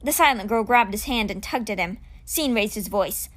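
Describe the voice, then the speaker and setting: A woman reading a novel aloud chapter by chapter, with expressive storybook narration. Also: mid-range voice, moderate pace. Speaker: audiobook reader.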